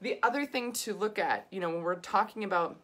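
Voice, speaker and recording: A woman's voice: medium pitch, fairly quick, a bit bright. A woman nutrition coach talking casually and animatedly, exasperated, with frequent laughs and asides. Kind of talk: casual talk to camera.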